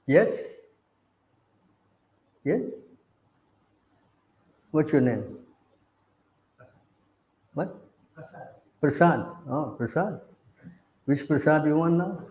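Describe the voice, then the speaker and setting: A man's voice: fairly high pitch, animated, extremely slow, long pauses, a little mellow, roomy sound, low-quality recording. A man preaching a sermon, emphatic, keeps asking his listeners questions. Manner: questions the audience again and again.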